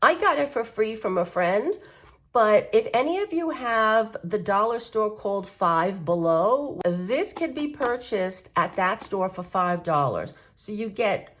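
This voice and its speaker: A woman's voice: mid-range voice, expressive, a little slow, a bit bright. Stuffy-nosed woman chatting. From United States. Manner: chatty and rambling, with many ums and restarts. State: nasal, stuffy from a cold. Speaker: coloring channel host. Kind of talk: casual chat to camera.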